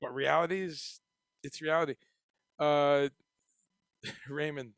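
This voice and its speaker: A man hosting a casual livestream, reading chat comments and talking in a profane, animated way. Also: fairly high pitch, takes it slowly, vocal fry, pauses often, dry recording, studio quality. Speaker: livestream host.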